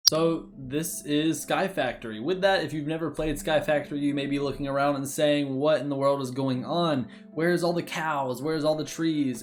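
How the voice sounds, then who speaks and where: A young man hosting a casual game playthrough, talking in a jokey, rambling way and correcting his own slips. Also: medium pitch. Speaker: gaming channel host. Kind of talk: casual let's-play commentary. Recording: music playing behind the voice.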